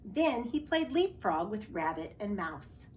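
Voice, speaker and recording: A woman, a teacher, reading a children's storybook aloud in a slow, expressive way. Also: medium pitch, roomy sound, a little hiss or hum.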